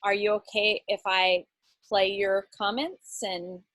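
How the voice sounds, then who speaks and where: A woman's voice: medium pitch, steady tone, slow, fairly bright tone, no room sound. Chatty woman leading an online workshop. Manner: encouraging, chatty, rambling. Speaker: workshop facilitator. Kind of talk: casual online workshop talk.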